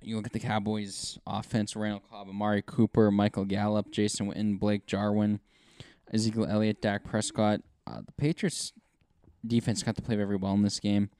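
A man's voice: on the low side, level tone, normal speed, mellow, smooth, dry recording, studio quality. A man co-hosting a casual sports podcast, rambling with lots of fillers and restarts. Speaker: podcast co-host.

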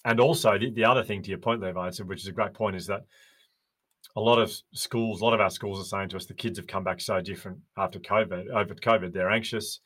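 A man with an Australian accent, a podcast guest who tells animated stories and acts out the voices of the people in them. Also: fairly low pitch, fast, husky. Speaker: podcast guest, resilience educator. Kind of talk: casual interview chat.

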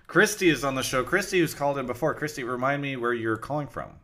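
A man's voice: medium pitch, expressive, fairly quick, a bit bright. A man hosting a live stream talk show, chatty and loose, thanking subscribers and taking callers with lots of fillers. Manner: chatty, reads out subs with frequent fillers. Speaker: stream host.

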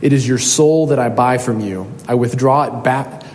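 A man reading the lines of a kindly, solemn old bishop aloud in a gentle, measured way. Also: mid-range voice, natural voice. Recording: echoey hall, faint noise.

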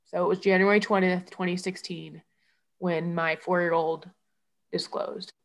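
A woman telling a painful personal story in an interview. She talks in halting bursts, with many restarts and quoted speech, and she sounds shaken. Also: on the low side, flat delivery, gravelly. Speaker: guest telling her story. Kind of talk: emotional personal account.

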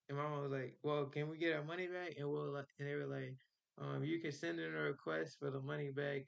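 Young man telling a story in slang, gravelly. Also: medium pitch. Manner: animated storytelling with slang, swearing and laughter. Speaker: podcast host. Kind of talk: casual storytelling.

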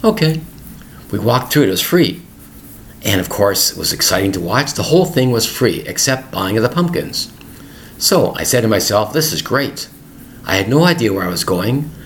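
Lively low-voiced man telling a story. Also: a little hiss or hum. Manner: plain, repetitive storytelling for learners. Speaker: English-learning podcast host. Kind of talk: storytelling podcast monologue.

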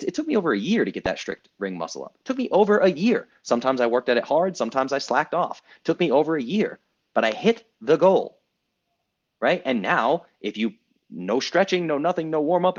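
A man's voice: medium pitch, muffled recording. A man in his thirties hosting a group coaching call, talking emphatically and casually, repeating himself for effect and swearing now and then. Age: 30s. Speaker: coach and podcast host.

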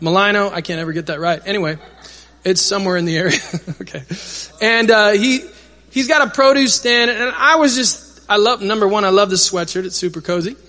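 A man preaches in a large church hall, his high, bright voice ringing out with long reverb. He keeps the congregation involved, asking them to repeat words back to him. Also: brisk. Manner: energetic, calls for crowd responses. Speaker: pastor. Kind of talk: sermon.

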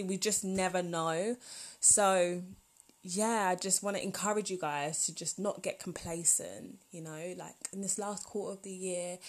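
A woman, hosting a solo podcast in a chatty, rambling, heartfelt way. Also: lowish voice. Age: 20s. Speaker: podcast host. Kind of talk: casual solo podcast talk.

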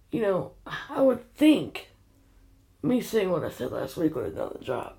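Older woman, gravelly, mellow, angry scolding vlog rant. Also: fairly low pitch, very animated, unhurried. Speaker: grandmother vlogger. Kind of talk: angry direct-to-camera rant. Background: quiet house at night.

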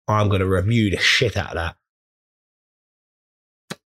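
A man's voice: deep voice, takes it slowly, a bit bright. A man in a crude, rambling comedic rant, swearing freely as he talks to his viewers. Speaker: vlogger. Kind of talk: casual comedic rant to camera.

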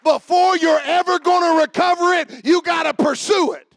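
A male pastor, preaching a Father's Day sermon with a rising, shouted cadence. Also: extremely high pitch, steady tone, normal speed, gravelly, no room sound.

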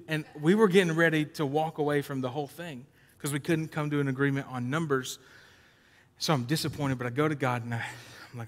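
A man preaching a sermon, shifting between loud emphatic points and low conversational storytelling. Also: fairly even intonation, brisk. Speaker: pastor. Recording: long hall reverb.

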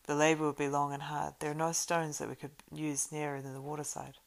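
A woman's voice: low voice, flat delivery, brisk, gravelly. Woman voicing an earnest elf archer.

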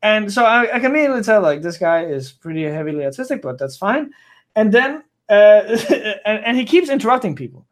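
High-voiced rambling male storyteller. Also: big pitch swings, fairly quick, a bit bright. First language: not English. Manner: rambling, frequent restarts and self-corrections. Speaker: guest storyteller. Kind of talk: casual podcast chat.

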